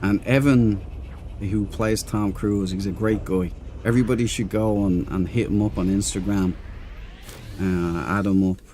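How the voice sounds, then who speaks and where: A man's voice: lowish voice, fairly even intonation, measured pace, warm tone, slight background noise. A man streaming a game, chatting loosely with viewers, rambling and laughing easily. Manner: rambling, chatty, reads and answers chat. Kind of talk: casual live-stream chat.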